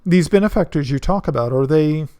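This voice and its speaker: A man's voice: a little high, animated, brisk, dark tone, clean tone, no room sound, voice pushed up, lightly acted. A man doing a fussy, probing captain. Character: fussy inquisitive male captain.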